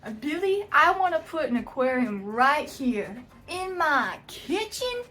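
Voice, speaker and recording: A woman's voice: high-pitched, sing-song, measured pace, sharp tone, exaggerated voice. A woman voicing a homeowner wife in a hammy, put-on odd accent. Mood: demanding. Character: homeowner wife planning a kitchen renovation.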